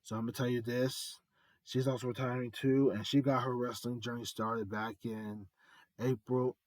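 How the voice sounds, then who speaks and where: A man's voice: medium pitch, level tone, normal speed, darkish tone, no room sound. A man giving a rambling, earnest fan monologue, repeating himself and building up announcer-style reveals. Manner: earnest, heartfelt tribute. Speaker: art vlogger.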